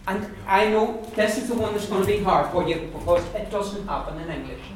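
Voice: medium pitch, a little fast. A language teacher giving a classroom pronunciation lesson to a group of learners, repeating words over and over and explaining patiently. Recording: very echoey room, far from mic, noisy.

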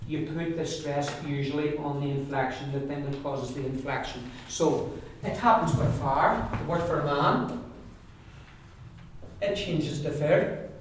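A man leads a language class, saying each word several times over so learners can copy it. His voice sits a little high and comes from some way off the mic. The room gives a strong echo, with a faint hiss underneath. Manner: repeats words slowly for drilling. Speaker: Irish language teacher. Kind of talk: classroom pronunciation lesson. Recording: echoey room, distant mic.

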